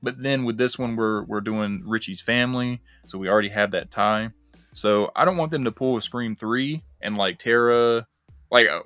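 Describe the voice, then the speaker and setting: A young man hosting a casual movie-discussion livestream, talking in an animated, rambling way with plenty of swearing and fillers. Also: on the low side, normal speed, smooth, no room sound. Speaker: livestream host.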